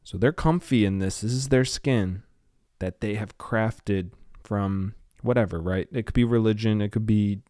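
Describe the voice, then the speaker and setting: A man with a low voice and a slight lisp hosts his solo podcast in a casual, rambling way. He wanders off topic, then steers back. The sound is close and dry. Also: warm tone, no room sound. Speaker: podcast host.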